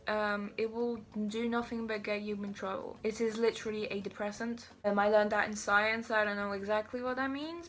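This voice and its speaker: A woman's voice: medium pitch, fairly bright tone, a little hiss or hum. A teenage girl tells a casual storytime, wandering off on tangents. She keeps undercutting herself with self-deprecating asides as she talks. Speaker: vlogger.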